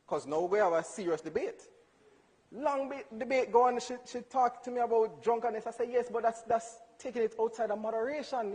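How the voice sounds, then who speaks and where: A young man telling a funny personal story in church, animated and acting out dialogue with laughs. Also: very high voice. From Jamaica. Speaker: church speaker. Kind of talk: storytelling testimony. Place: church hall. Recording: hall reverb.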